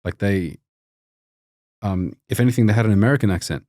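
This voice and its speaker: A man's voice: lowish voice, a little fast, warm tone, no echo, studio quality. A man from Lebanon, a podcast guest, talking casually and rambling with lots of fillers and restarts. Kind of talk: casual conversation.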